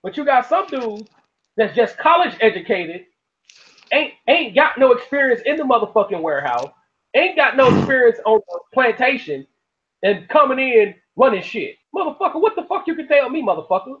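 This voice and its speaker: High, lively-voiced blunt man. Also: moderate pace. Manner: blunt, profane, repeats "you know what I'm saying". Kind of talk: casual chat. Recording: dull lo-fi sound.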